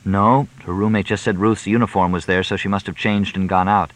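A man's voice: deep voice, steady tone, fairly quick, a bit bright, dry recording, poor audio. A man reading as a grieving, bitter young clerk. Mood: flat, weary.

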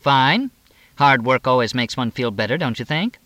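A man's voice: mid-range voice, expressive, normal speed, pushed and bright, dry recording, pitched above the performer's own voice. Sly needling woman police chief, as a male reader puts her on.

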